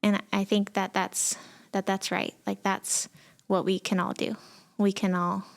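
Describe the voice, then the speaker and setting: A woman's voice: medium pitch, level tone, unhurried, creaky. A woman from Texas, a pastor co-hosting a podcast, talking casually and reflectively with many fillers. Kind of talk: casual conversation.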